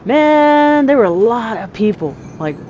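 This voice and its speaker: A woman talking casually over her own gameplay, chatty and excitable, laughing often. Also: a little high, measured pace, a little hiss or hum. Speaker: gamer. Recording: slightly dull lo-fi sound.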